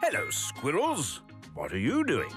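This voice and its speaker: A man narrating a children's cartoon, warm and wry, with gentle irony. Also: on the high side, wildly swooping pitch, unhurried, loud music behind the voice.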